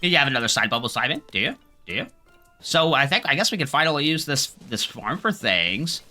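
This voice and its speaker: A man's voice: medium pitch, very animated, a little fast, sharp tone, soft background music. A man giving casual gameplay commentary as the video host, rambling and joking with bits of swearing.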